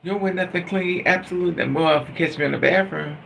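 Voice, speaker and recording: A man's voice: sits high, quick pace, gravelly, a bit bright, slight background noise, low-quality recording. A man vlogging in a candid emotional monologue, blunt and profane, venting with bitter humor.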